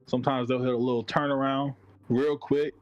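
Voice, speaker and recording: A man in a casual gaming chat, animated and slangy, swearing freely. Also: mid-range voice, brisk, no room sound, muffled recording. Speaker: guest.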